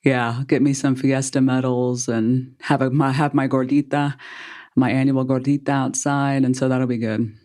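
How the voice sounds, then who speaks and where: A man's voice: medium pitch, level tone, normal speed, darkish tone. A man from San Antonio, co-hosting a podcast and telling rambling stories in a casual chat, laughing often and swearing freely. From San Antonio, Texas. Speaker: podcast co-host.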